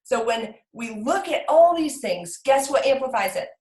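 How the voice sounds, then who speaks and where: A woman in her thirties talking frankly and emotionally to her team, swearing casually and jumping up in pitch when she gets worked up. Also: lively intonation, normal speed, a little mellow, reverberant, rough recording. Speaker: team leader sharing with her group. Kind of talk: candid talk to a team call.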